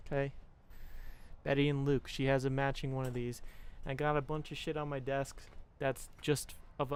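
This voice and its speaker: Over slight background noise, a young streamer with a mid-range voice talks casually to his viewers. Swearing freely, he gives blunt relationship advice like a pep talk and imitates the people he's quoting.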